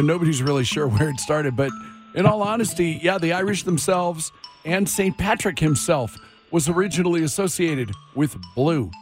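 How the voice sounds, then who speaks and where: A man hosting a casual radio show, joking and running a quiz with his co-hosts. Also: on the high side. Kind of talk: casual morning radio banter. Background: music bed.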